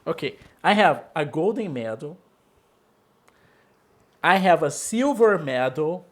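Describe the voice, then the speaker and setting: A native Portuguese speaker with a Brazilian accent teaches English one-on-one, repeating key words and often asking "okay?" to check in. His voice is fairly high, animated, and slow.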